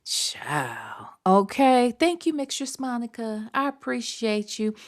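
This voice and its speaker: A woman's voice: a little high, measured pace, a little mellow. A woman hosting a casual online commentary show, blunt and sassy as she reacts and thanks viewers. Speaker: YouTube commentary host.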